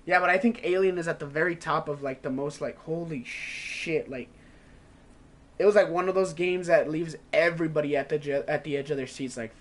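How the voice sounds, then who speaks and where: Male gaming streamer, high-pitched, casual and profane, rambles and laughs while chatting with viewers. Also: moderate pace. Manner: rambling, swears a lot, laughs often, says "like" constantly.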